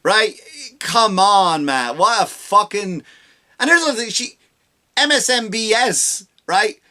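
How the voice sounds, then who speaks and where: Guy ranting on his comedy podcast, sarcastic and sweary, kinda high, sharp bright tone. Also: expressive, slow. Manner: sarcastic, profane; mocking, exaggerated. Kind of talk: comedic rant.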